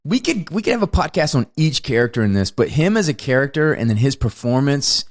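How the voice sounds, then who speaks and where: A man in casual movie talk on a podcast, animated and laughing often. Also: medium pitch, brisk. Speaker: podcast panelist.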